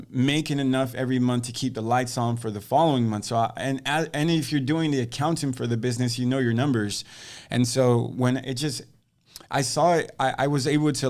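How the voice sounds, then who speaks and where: A man in a casual podcast interview, telling the story of his start in real estate. He talks in a mid-range voice and acts out the lines of the people he quotes. The telling is loose and conversational. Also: mid-range voice. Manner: animated storyteller who acts out quoted dialogue. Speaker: guest, real estate agent.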